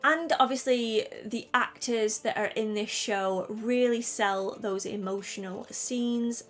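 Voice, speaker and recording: A woman's voice: fairly high pitch, slow pace, hardly any pauses, a bit bright. A woman with a northern English accent from around Manchester, chatting effusively to camera about a TV series and laughing often. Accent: northern English, Manchester area. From northern England. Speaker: YouTuber reviewing a TV series. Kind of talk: casual chat to camera.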